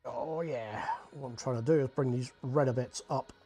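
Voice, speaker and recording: A man's voice: medium pitch, normal speed, creaky, dark tone, slightly rough. A young man with a Scottish accent chatting casually and rambling while he paints on a livestream, swearing freely and saying "like" a lot.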